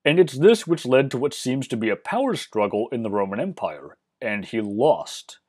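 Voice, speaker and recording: A man narrating a history lesson, measured and explanatory with dry, wry asides. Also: medium pitch, very animated, a little mellow, breathy edge. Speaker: history channel host.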